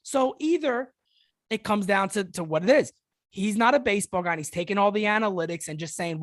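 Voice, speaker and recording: A man's voice: high voice, big pitch swings, fairly quick, no room sound, studio quality. A man co-hosting a podcast in casual sports chat, ranting heatedly and mocking others in quoted voices. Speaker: podcast co-host.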